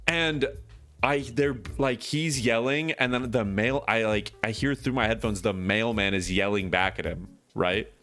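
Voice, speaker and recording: A man's voice: fairly low pitch, unhurried, a bit bright. A man streaming a video game, telling a rambling, profane story in casual chat, full of fillers and restarts.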